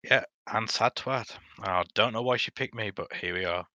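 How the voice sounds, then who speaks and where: A man's voice: on the low side, normal speed, bright, forceful tone, no room sound, lo-fi sound. A young man as a podcast guest, chatting casually and teasing his friend the host. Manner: teasing, laughing. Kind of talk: casual chat.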